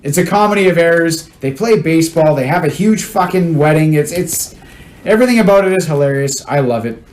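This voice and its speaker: A man's voice: a little high, brisk. A man, co-hosting a casual podcast, swearing a lot and gushing emphatically. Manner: excitable, heavy swearing, emphatic. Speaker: podcast co-host. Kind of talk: casual, profane chat among friends. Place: small podcast studio. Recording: echoey studio room with faint noise.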